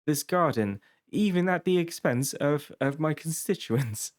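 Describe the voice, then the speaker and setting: A man's voice: on the high side, expressive, unhurried, voice pushed up. A man voicing a pompous old-money lord who puts his garden before the people. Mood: haughty.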